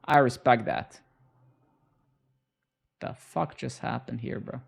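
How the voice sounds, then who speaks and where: A man's voice: medium pitch, steady tone, slow pace, vocal fry, slightly rough. A young man live-coding on stream, bantering sarcastically and swearing at his chat as he works.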